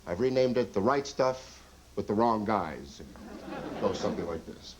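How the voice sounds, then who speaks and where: A man performing a wry, deadpan stand-up routine on a TV show in front of a live studio audience. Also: on the low side, measured pace, low-quality recording. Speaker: stand-up comedian. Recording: old TV tape, audience noise.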